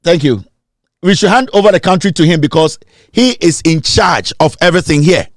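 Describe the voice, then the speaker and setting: A Ghanaian man with a fairly high voice, recorded close and dry. He talks in an emphatic, accusatory way, pressing his points hard and slipping between English and Twi. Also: animated, fairly quick, dry recording. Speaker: political commentator. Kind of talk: fiery political rant.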